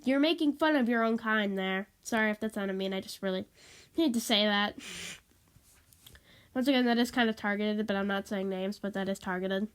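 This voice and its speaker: Smooth and medium-pitched, this woman speaks at normal speed in a rambling, casual vlog captured with a tablet mic. She's sniffly and congested, apologetic, and prone to repetition.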